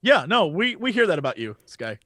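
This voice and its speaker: Jokey guy cohost, really high voice that bounces all over, bright. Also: sing-song, a little fast, no room sound, studio quality. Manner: teasing, jokey interjections. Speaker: podcast host. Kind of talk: casual chat.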